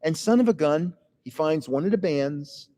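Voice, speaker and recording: Here an older male livestream host rambles through casual stories indoors, in a building that has another floor. His voice sits on the high side and is dark in tone, with lively intonation, a moderate pace and a big-room sound.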